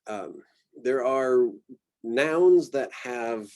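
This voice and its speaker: An American man lecturing on botanical names, relaxed and thinking aloud with many fillers. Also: mid-range voice, extremely slow. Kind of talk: recorded slide presentation.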